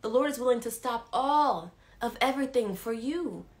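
A woman leads a live-stream devotional and tells her story straight to the viewers. She is animated and repeats key lines for emphasis. She often checks whether her audience is following along. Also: a little high, moderate pace. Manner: talks straight to viewers, asks if they follow. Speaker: women's ministry leader.

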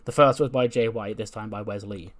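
A man's voice: lowish voice, fairly even intonation, fairly quick. A man giving casual let's play commentary on a wrestling sim, chatty and laughing often. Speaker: gaming YouTuber.

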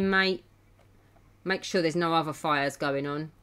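A woman, chatting excitably through a game stream, laughing often and scolding the characters. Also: low-pitched, normal speed. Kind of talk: casual gameplay commentary. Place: home.

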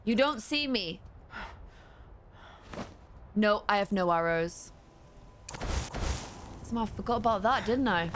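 A woman's voice: mid-range voice, lively intonation, a little slow, pauses often, a little hiss or hum. A young woman giving chatty, playful let's-play commentary into a desk mic, with giggly exclamations. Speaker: gaming streamer.

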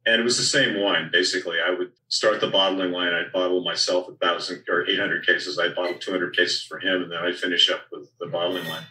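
An older man, a winemaker guest, talking in a relaxed storytelling way about vineyards and his wines. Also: low voice, brisk, hardly any pauses, reverberant, distant mic, rough recording.

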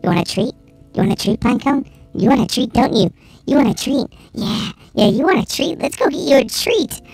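A man's voice: very high-pitched, very animated, a little fast, gravelly, faint music behind, pitched above the performer's own voice, heavily acted. A man putting on a doting, gushing baby-talk voice to coax his pet dog during a live game stream. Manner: doting, gushing, repetitive coaxing.

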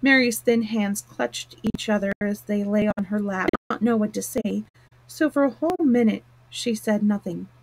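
A woman reading a classic novel aloud on a live stream, plain and steady with small slips and restarts. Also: mid-range voice, normal speed, low-quality recording. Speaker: storyteller. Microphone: close mic, live stream.

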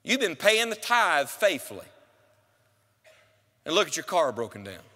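A sly male devil murmurs mocking insinuations, put on by a preacher. The voice sits a little lower and quieter than the preaching around it, and the church's long reverb hangs on every word. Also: very animated, a little slow, heavily acted. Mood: taunting.

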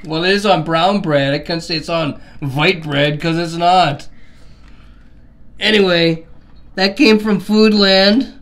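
A man's voice: on the high side, slow pace, fairly bright tone. A man hosting a casual home vlog, swearing freely and drawling his words. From Canada. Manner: crude, swears a lot, drawls. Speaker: vlog host. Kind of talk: casual chat. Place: home, at a table. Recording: echoey room, faint noise.

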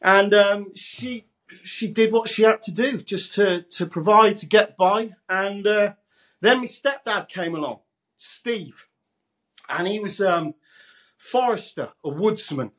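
Guesting in a casual interview, a radio presenter from Leeds speaks slowly in a high, fairly bright voice. He chats away, laughs a lot, and calls everyone mate.

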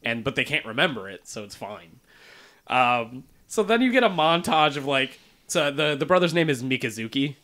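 A man's voice: medium pitch, normal speed. A man co-hosting a podcast, casually retelling a manga chapter and acting out the characters' lines, swearing freely. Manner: animated retelling with quoted voices, swears casually. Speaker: podcast co-host.

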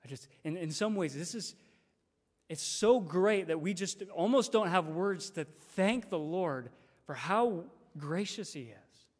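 Guest preacher, male, fairly high voice, emphatic with repeated phrases, long church reverb. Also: lively intonation, unhurried. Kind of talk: sermon. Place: church sanctuary.

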